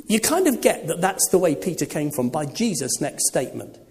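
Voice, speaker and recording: A preacher gives a sermon in a mid-range, slightly mellow voice at a moderate pace, the pitch swooping widely as rhetorical questions are aimed at the congregation. Long church reverb rings around every word.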